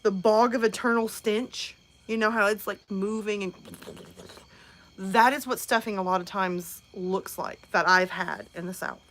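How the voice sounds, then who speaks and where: A woman's voice: medium pitch, measured pace. Chatty woman hosting a live stream. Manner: chatty and animated, answering chat comments. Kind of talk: casual live stream chat.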